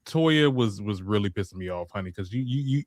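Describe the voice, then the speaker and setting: A man's voice: lowish voice, expressive, a little fast, no echo, studio quality. A man on a casual panel, talking in a sassy and exasperated way. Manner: sassy, exasperated, says "honey".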